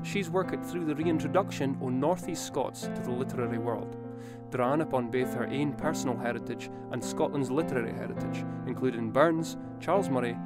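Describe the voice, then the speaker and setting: A man reading scripted documentary narration in an even, formal manner. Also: mid-range voice. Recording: narration over loud guitar music.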